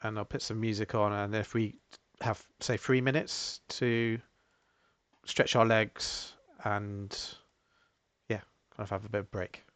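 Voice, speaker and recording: A man narrating a tabletop role-playing game as game master, unhurried and hesitant, with many fillers. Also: lowish voice, flat delivery, a bit bright, dry recording.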